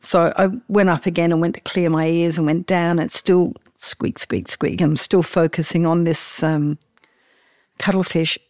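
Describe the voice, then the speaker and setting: A woman's voice: on the low side, level tone, moderate pace, darkish tone, dry recording, studio quality. A woman, casually telling a story about snorkelling and laughing often as she talks.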